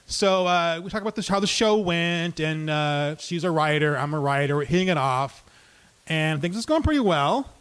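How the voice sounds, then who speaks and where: A man with a fairly high voice tells a true story to a live audience. He keeps it conversational, with well-timed comic asides between the tense moments. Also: animated, moderate pace, a bit bright, clean tone.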